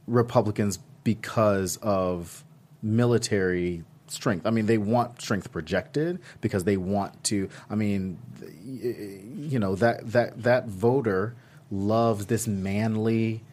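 A man co-hosting a podcast, talking politics in casual, halting chat with frequent restarts and laughter. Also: lowish voice, a little mellow. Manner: conversational, halting restarts, laughs at own jokes. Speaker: podcast co-host.

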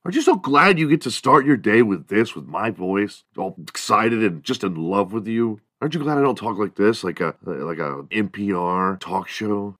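A man's voice: on the low side, animated, moderate pace, fairly bright tone, no echo, studio quality. A man hosting a comedy podcast, talking in a hyped, rambling and profane way. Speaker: podcast host. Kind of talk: casual comedy podcast monologue.

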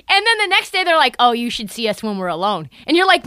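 Animated, sarcastic woman sports commentator. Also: fairly high pitch, fairly quick, few pauses, smooth, no room sound, clean studio sound. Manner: sarcastic, profane, acts out quotes.

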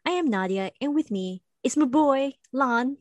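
A woman's voice: high-pitched, animated, normal speed, darkish tone, dry recording. Female podcast host, giggly and casual, close dry mic. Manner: chatty, giggly, playful. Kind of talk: casual chat. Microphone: close studio mic.

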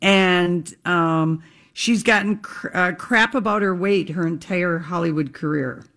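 Lower-voiced woman radio host, chatty. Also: unhurried, a bit bright. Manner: chatty, gossipy, upbeat. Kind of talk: casual chat.

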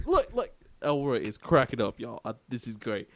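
A man's voice: mid-range voice, very animated, normal speed. A man hosting a casual podcast chat, hyped and teasing, trash-talking with slang. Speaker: podcast host.

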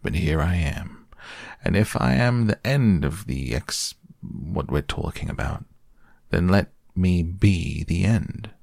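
A man voicing a gloomy old donkey who grumbles in a slow, flat, sulky drawl, in a storybook reading. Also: sits low, creaky, dry recording, studio quality, heavily acted.

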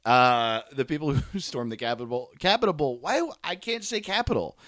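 A man's voice: mid-range voice, animated, moderate pace, a bit bright, dry recording, studio quality. A man hosting a solo podcast, talking candidly and rambling, with lots of swearing and laughing at himself. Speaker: podcast host.

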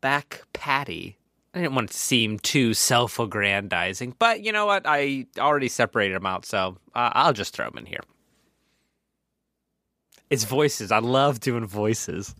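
A man's voice: mid-range voice, lively intonation, measured pace, bright, forceful tone, dry recording, faint music behind. A man co-hosting a casual movie podcast, laughing often and slipping into goofy impressions. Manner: playful, laughs often, drops into goofy character voices. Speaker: podcast co-host.

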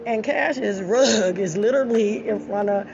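A woman's voice: mid-range voice, unhurried, a little mellow, a little hiss or hum. A woman telling a story in a casual way, blunt and profane, laughing often. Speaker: storyteller addressing an audience. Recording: dull lo-fi recording.

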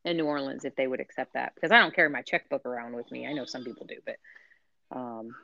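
A woman's voice: a bass voice, quick pace, gravelly, sharp tone, no room sound, dull audio. A woman on a podcast panel, chatting casually and explaining things as she thinks aloud.

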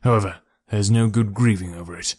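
Voicing a bitter, defiant ex-convict in middle age, a man reads briskly and with light acting, like a storybook narration. His low voice stays steady while carrying raw passion.

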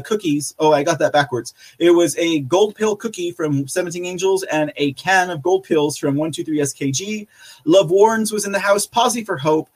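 A man hosting a live podcast, reading out viewer chat in a casual, rambling way with lots of fillers and frequent laughter. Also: high voice. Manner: chatty, rambling, laughs often, many fillers. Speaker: podcast host.

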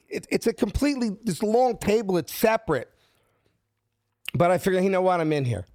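This guest from South Philadelphia speaks a little fast in a voice that sits high, recorded at studio quality with no room sound. He tells his story casually and animatedly, performing the quoted lines in different voices.

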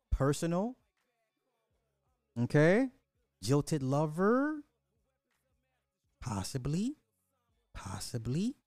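A man hosting a casual livestream, reading chat questions in an animated, slangy way with lots of repetition and swearing. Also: mid-range voice, dry recording, clean studio sound.

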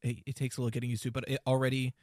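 A man's voice: medium pitch, monotone, rapid-fire, darkish tone. A man hosting a podcast, explaining things in a loose, rambling casual chat with lots of fillers. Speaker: podcast host.

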